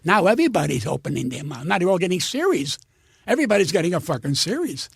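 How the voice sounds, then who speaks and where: A man's voice: high voice, big pitch swings, fast, vocal fry, slightly rough, no echo, clean studio sound. An older man, a comedian, telling blunt, profane stories in an interview with heated conviction. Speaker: guest comedian. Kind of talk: storytelling interview.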